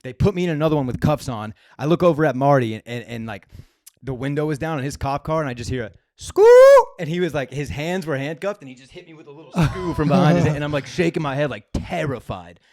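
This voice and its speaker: Young man, comedy podcast co-host, animated swearing storyteller, dry close sound. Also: a little high, fast, dry recording. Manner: animated, profane anecdote telling. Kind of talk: casual storytelling chat.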